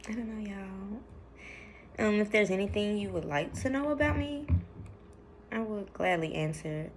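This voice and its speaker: A woman's voice: fairly low pitch, darkish tone, a little hiss or hum. A young woman talking casually to camera in a vlog, chatty and rambling with lots of fillers, calling her viewers y'all. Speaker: vlogger.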